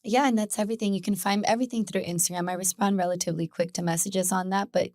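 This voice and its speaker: A woman guest, a Pilates instructor, telling stories in a casual, animated podcast chat. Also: medium pitch, fast talker, no echo, studio quality. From Mexican-American family. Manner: chatty, animated storytelling with laughter.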